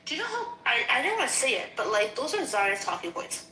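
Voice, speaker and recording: A woman's voice: on the high side, quick pace, faint music behind. Indignant woman in an echoey room. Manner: animated, indignant, retells quarrels with quoted back-and-forth. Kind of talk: casual heated chat. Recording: echoey room with faint noise.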